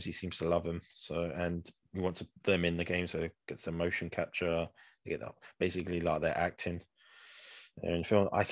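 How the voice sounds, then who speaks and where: Sitting low in pitch with no echo, this podcast co-host chats casually. He rambles, restarts his thoughts, and laughs as he goes.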